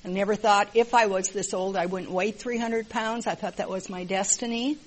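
An older woman from the Midwest shares her story at a group meeting in a frank, wry way. She talks at an everyday middle pitch, with plenty of ums and "you know"s. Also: fairly even intonation, normal speed, poor audio. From American Midwest. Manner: plain, candid and wry, with many filler words. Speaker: support group member sharing. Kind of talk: personal testimony at a group meeting.

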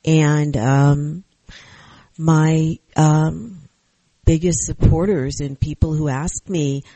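A man's voice: fairly high pitch, steady tone, takes it slowly, dark tone, dry recording. A man sharing at a recovery meeting, earnest and reflective as he speaks gratefully. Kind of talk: personal share at a support meeting.

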